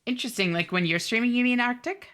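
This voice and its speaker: A woman's voice: on the high side, fast, fairly bright tone. A young woman game streamer chatting casually with her live audience and laughing often. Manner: chatty, reads chat aloud, laughs often.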